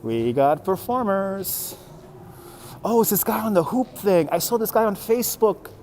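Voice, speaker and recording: A man's voice: high voice, brisk, warm tone, slight background noise. A man livestreaming as he walks a city street and into a market, chatting to viewers and laughing often, recorded on a phone on a handheld gimbal. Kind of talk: live walking stream commentary.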